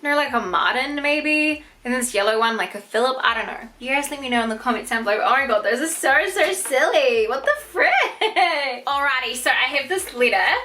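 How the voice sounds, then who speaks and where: A young woman, gushing excitedly as she unboxes products for her vlog. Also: a little high, quick pace, few pauses. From New Zealand. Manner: gushing, excitable, swears casually. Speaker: beauty vlogger.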